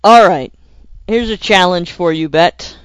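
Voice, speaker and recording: A woman hosting a podcast in casual chat, chatty and enthusiastic, joking warmly with her co-host. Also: lowish voice, unhurried, clean tone, dry recording.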